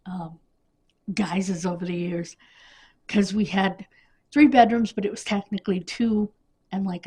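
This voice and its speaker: Husky-voiced woman telling family stories. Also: lowish voice, dark tone. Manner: rambling, halting, with many restarts and fillers. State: coughing, sniffly. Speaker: vlogger. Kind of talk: casual personal storytelling.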